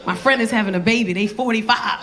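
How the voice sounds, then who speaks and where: A woman's voice: a little high, fast talker. Brassy comedian woman working the crowd. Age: 40s. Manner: brassy, blunt, cursing, talks straight to the audience. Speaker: stand-up comedian. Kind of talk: stand-up crowd work. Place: comedy club stage with a live audience. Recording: live club sound with crowd laughter and noise.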